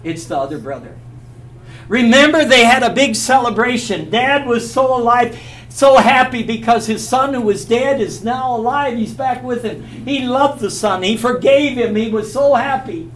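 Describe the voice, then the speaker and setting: A man's voice: extremely high pitch, moderate pace, fairly bright tone. A man teaching a Bible class, telling a story with animation and quizzing his listeners. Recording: echoey, from a distance, faint hum.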